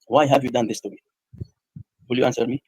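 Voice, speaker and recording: A man talks quickly in a husky voice, firing repeated pointed questions at his opponent. The sound is dry and close, with no room around it. He builds his case one point at a time and insists on answers. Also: mid-range voice, steady tone, darkish tone, no room sound, rough recording. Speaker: debater. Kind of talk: debate questioning from a played clip.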